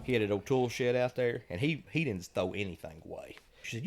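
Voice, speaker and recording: A man's voice: medium pitch, fairly quick, few pauses. Guy in his middle years telling funny old stories on a podcast, laughs at his own punchlines. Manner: lively anecdotal, chuckles through punchlines. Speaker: podcast guest. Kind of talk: casual storytelling.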